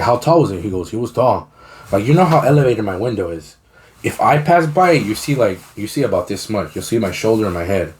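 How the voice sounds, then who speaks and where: Podcast co-host, young adult man, lowish voice, casual and crude, retells events with lots of quoted dialogue. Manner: profane, slangy, animated storytelling. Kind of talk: casual storytelling chat.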